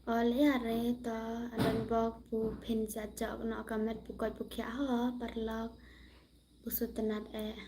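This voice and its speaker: Casting: woman livestream host, slow unhurried delivery, slightly high voice, slips into whispers and mixes languages. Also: monotone, background noise. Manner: drifts into soft whispers; switches between languages mid-sentence. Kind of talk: casual livestream chat.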